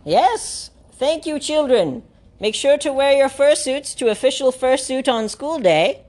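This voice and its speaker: A woman podcast host in loose comedic banter. Her voice sits a little high. She rambles, spins grand mock speeches and slips into giggles. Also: expressive, a little slow, a little mellow.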